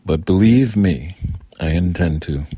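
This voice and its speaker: Clipped cold mother, voiced by a man, low voice, dry close sound, storybook reading. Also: unhurried, warm tone, slightly rough, no room sound. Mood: guarded. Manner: clipped and cool.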